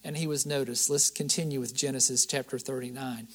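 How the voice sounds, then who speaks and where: A man preaching a sermon, retelling a Bible story in a lively conversational way with frequent asides. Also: medium pitch, a little fast, few pauses. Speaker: pastor.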